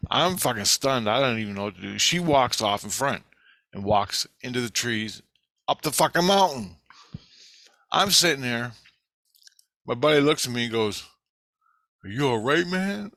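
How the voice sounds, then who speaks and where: Man, casual storytelling, profane and rambling, gravelly, bright edge. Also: medium pitch, a little slow, long pauses, no room sound.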